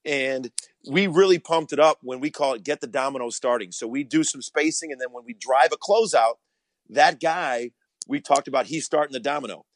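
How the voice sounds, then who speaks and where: A man's voice: medium pitch, normal speed, no room sound. A man, a college basketball coach, answering interview questions earnestly, often repeating words as he starts.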